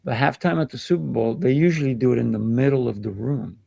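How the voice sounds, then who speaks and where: Male host, kung fu teacher, gravelly texture, dry close sound, animated storyteller. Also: mid-range voice, fast, no echo. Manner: animated, acts out children's voices in anecdotes. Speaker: kung fu instructor and show host. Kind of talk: casual discussion, storytelling.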